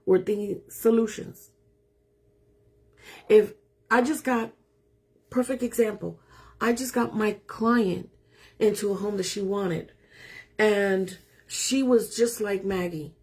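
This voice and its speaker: A woman's voice: medium pitch, steady tone, slow pace, long pauses, darkish tone, husky. A middle-aged woman real estate agent talking casually to viewers, emphatic and self-assured. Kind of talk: casual live talk to viewers.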